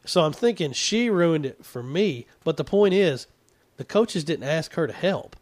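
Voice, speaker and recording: A man, casually telling a profane, animated story about being an assistant coach in a youth league. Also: a little high, measured pace. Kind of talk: casual chat.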